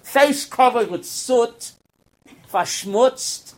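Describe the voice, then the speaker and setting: A man's voice: high-pitched, big pitch swings, a little slow, fairly bright tone. A man giving a Torah class as a rabbi, quizzing his students and acting out parables.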